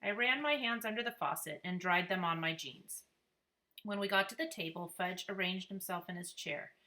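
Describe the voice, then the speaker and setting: Bright, expressive woman narrating a children's chapter book aloud. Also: fairly low pitch, moderate pace. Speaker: reader.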